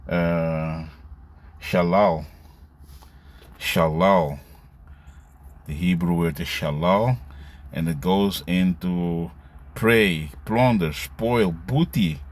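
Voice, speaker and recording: Male commentator, lowish voice, casual scripture talk, frequent "you see, man" tags. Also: darkish tone. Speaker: religious commentator.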